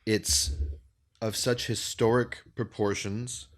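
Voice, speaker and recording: A man co-hosting a political podcast in a fairly low voice. He speaks passionately and articulately, repeating words as he builds momentum. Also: little pitch movement, slow. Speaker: podcast co-host. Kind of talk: casual political podcast chat.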